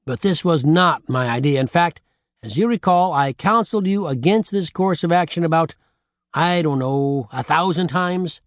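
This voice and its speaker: A man's voice: on the high side, moderate pace, dry recording, clean studio sound, close to an everyday voice. A man voicing a cowardly male talking frog in an audiobook, whiny and sarcastic. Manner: pleading, sarcastic complaining.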